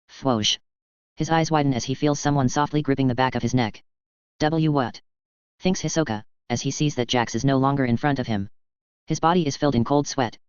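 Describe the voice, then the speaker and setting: Clear-voiced man reading fan fiction. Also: medium pitch, a little mellow, dry recording. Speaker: audiobook narrator. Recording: dull, dry lo-fi sound.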